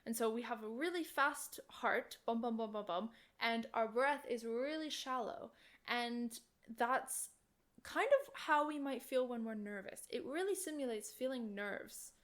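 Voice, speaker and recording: A woman's voice: on the high side, measured pace, fairly bright tone. A young adult woman and oboe student, hosting a casual advice podcast in a chatty, enthusiastic way. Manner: chatty and enthusiastic, full of "like" and "literally".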